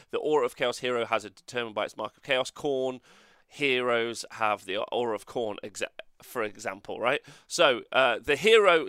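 A man's voice: medium pitch, pushed and bright, clean tone, dry recording, clean studio sound. A man hosting a casual livestream review, rambling and joking and swearing as he goes. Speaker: host.

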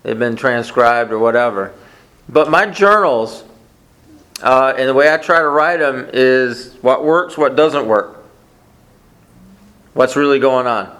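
A man's voice: mid-range voice, slow pace, long pauses, a bit bright. A man preaching a conversational sermon, often asking the congregation questions. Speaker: pastor.

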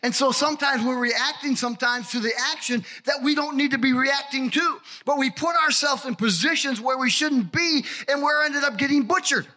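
A man preaching as a pastor, delivering a sermon with shouted emphasis and swings between high cries and low asides. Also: normal speed, few pauses.

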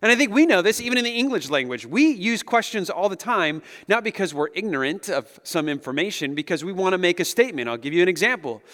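A man in his thirties, a pastor giving a conversational, animated sermon and chuckling often as he speaks to the room. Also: high-pitched, fast, hardly any pauses. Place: large hall with an audience. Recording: long echo of a big hall.

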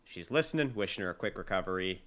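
A man's voice: deep voice, lively intonation, fast, a crowd in the background. A man co-hosting a podcast in casual chat, talking with dry humor and hesitant fillers. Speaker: podcast co-host.

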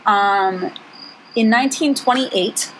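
A woman's voice: on the high side, slow, fairly bright tone, a little hiss or hum, low-quality recording. A young woman co-hosting a podcast, telling a story in a rambling, giggly way with lots of fillers. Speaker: podcast co-host. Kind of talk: casual chat, storytelling.

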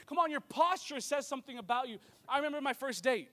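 High-voiced energetic young pastor. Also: male voice, fast, hardly any pauses. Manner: energetic, joking storyteller. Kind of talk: sermon. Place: church service with congregation.

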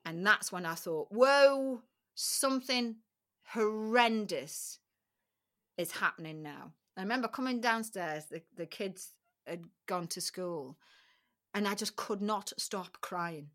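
A middle-aged woman talks candidly as an interview guest. Her voice is bright and carries force, even in hard passages. She tells her story plainly and emotionally, with repeated phrases. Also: medium pitch, takes it slowly. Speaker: podcast guest.

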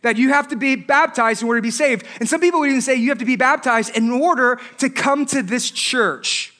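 High bright-voiced pastor preaching. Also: male voice, a little fast. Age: adult, married. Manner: animated, joking asides, rhetorical questions. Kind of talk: sermon.

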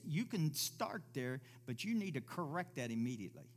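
A man delivers a sermon at a church service, his voice sitting a little higher than most men's. He preaches emphatically, stacking rhetorical questions and answering them himself. He slips into other voices to act out the people he quotes. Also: sing-song, moderate pace, hardly any pauses, a little hiss or hum.

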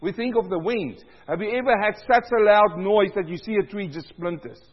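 A high-pitched man preaches a booming sermon, his voice swelling loud as he reads scripture to the congregation. The sound is dull and lo-fi, and a long reverb trails after each phrase. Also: normal speed. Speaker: pastor.

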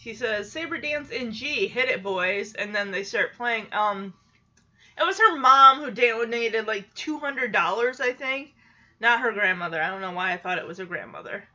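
A woman's voice: medium pitch, lively intonation, normal speed, pushed and bright, highs cut off. A woman recapping a show in casual chat, chatty and giggly, animating her retelling.

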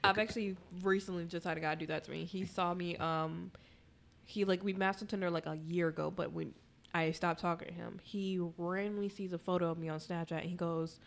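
Frank woman co-host, quick to laugh. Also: lowish voice, fairly even intonation, gravelly. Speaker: podcast co-host. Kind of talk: casual chat.

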